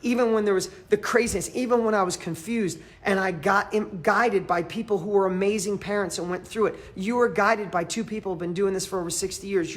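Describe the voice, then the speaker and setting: Fervent man giving a pep talk. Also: high-pitched. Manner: repeats phrases for emphasis; frequent swings from loud to quiet. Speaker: motivational coach. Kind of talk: live motivational training.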